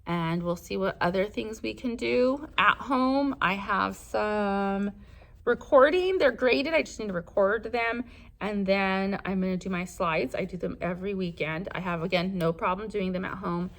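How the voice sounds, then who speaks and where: A young adult woman teacher talks through her day in her classroom, chatty and rambling as she lists what comes next. Her voice sits at a mid pitch and has a gravelly, fried texture. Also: moderate pace, fairly bright tone. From Southern California. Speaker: first grade teacher. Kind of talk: casual vlog narration.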